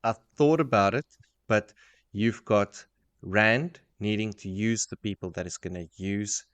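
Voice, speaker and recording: A man with a fairly low voice weighs in on a book discussion. He sounds measured and thoughtful, laying out his points calmly. The talk is relaxed and conversational. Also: no echo. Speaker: podcast co-host.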